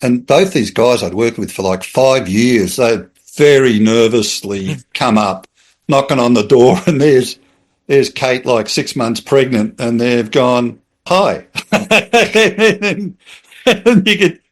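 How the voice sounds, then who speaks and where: Australian man telling a lively story. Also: mid-range voice, unhurried. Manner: animated storyteller, acts out quoted voices, chuckles. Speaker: podcast guest. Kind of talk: casual anecdotal storytelling.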